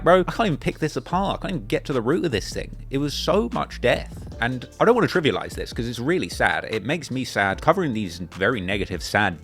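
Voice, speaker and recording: A man hosting a casual reaction commentary, sarcastic and joking as he answers critics of his video. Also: mid-range voice. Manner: sarcastic, joking, fast and animated. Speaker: true crime channel host reacting to a clip.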